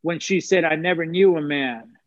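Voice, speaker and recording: Man, high voice, heartfelt testimony, preacherly repetition; dry, slightly muffled audio. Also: normal speed, dry recording. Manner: earnest, preacherly, repeats phrases for emphasis. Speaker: guest sharing testimony. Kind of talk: emotional personal testimony.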